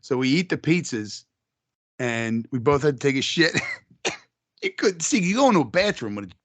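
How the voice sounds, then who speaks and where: Man, podcast co-host, crude storyteller, laughs a lot, lively pitch, dry sound. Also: moderate pace, no room sound. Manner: crude, laughs hard at own stories. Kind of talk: casual storytelling chat.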